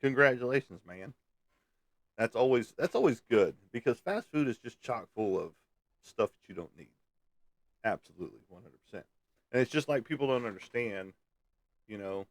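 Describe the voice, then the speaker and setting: Man, very low voice, dry close sound, folksy rambling casual chat, chuckles often. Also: lively intonation, normal speed, pauses often, dry recording. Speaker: livestream host reading viewer comments.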